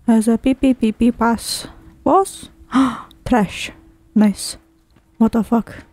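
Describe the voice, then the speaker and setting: High-voiced, jumpy woman gaming. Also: steady tone, slow, dark tone, dry recording. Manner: jumpy, heavily profane, talks to herself. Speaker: game streamer. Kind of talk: horror game let's play commentary.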